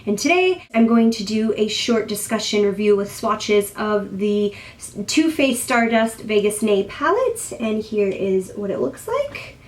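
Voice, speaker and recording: A woman's voice: mid-range voice, very animated, unhurried. A young woman in her twenties reviewing makeup in a casual, rambling, self-deprecating chat at home. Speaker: beauty vlogger.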